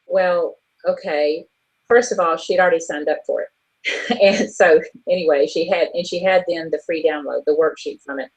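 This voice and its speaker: A woman's voice: on the low side, normal speed, husky, poor audio. A woman co-hosting an online business show, frankly telling a story about a difficult contact in a chatty, exasperated way. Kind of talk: casual monologue telling a story.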